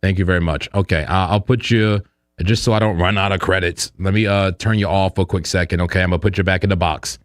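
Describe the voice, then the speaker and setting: A man's voice: low voice, fast talker, no echo, clean studio sound. A man hosting a crypto trading livestream, chatting casually and animatedly, joking often. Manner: animated and joking, with frequent fillers and laughs. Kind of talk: casual live-stream chat.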